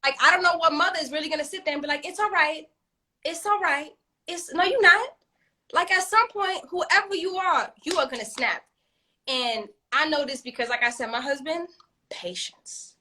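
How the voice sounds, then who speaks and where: A woman co-hosting a casual chat, animated and frank, swearing freely and laughing often. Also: high voice, moderate pace. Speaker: podcast co-host.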